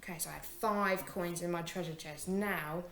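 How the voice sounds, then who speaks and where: A young woman teacher giving a phonics lesson to young children, encouraging and sounding out words slowly. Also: on the low side, steady tone, roomy sound, background noise.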